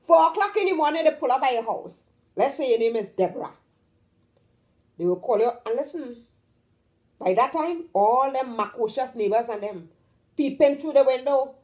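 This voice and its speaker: On her own vlog, a Trinidadian-accented woman talks casually to the camera in a voice that's on the high side and a little mellow. She speaks with emphasis, stretches the words she stresses, and keeps checking in with "you understand?"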